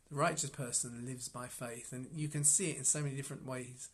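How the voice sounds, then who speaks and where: A man talks through a passage of scripture in an informal devotional reflection, speaking at a mid-range pitch. He muses as he goes and often stumbles and restarts his sentences. Soft chuckles slip in between his thoughts. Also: steady tone. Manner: musing, halting, with frequent restarts and soft chuckles.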